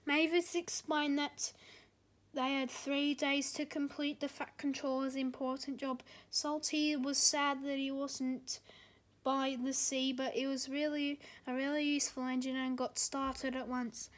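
A woman narrating a children's storybook aloud, halting with slips and restarts. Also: high-pitched, flat delivery.

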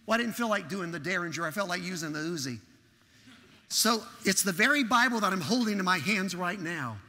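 A man preaching in a large church, his high voice gravelly and bright. He tells a story and acts out its conversations with animation, and a long hall reverb trails each phrase. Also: expressive, brisk. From Texas. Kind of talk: storytelling sermon.

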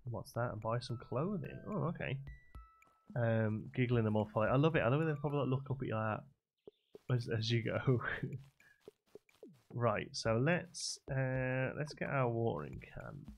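A man's voice: medium pitch, very animated, moderate pace, creaky, dull audio, slight background noise. A man streaming a farming game, chatting and thinking aloud as he plays. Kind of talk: casual gameplay commentary.

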